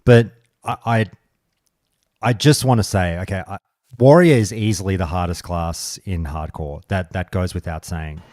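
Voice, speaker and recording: A man's voice: low-pitched, normal speed, a little mellow, no echo, studio quality. A man, hosting a casual podcast chat, ranting and swearing as he gets heated. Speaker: podcast host.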